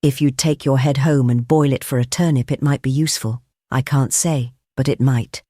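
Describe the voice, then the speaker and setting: A man reading an audiobook, voicing a huge, genial but commanding male anarchist chief who talks briskly with grand amusement. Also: medium pitch, fairly even intonation, warm tone, no room sound, studio quality, natural voice. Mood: dismissive.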